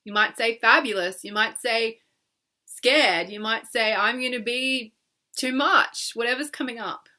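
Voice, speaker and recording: Young woman coach, playful and coaxing, leads a tapping exercise at an unhurried pace with a bright, slightly high voice. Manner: coaxing, exaggerated delivery. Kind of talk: guided tapping session.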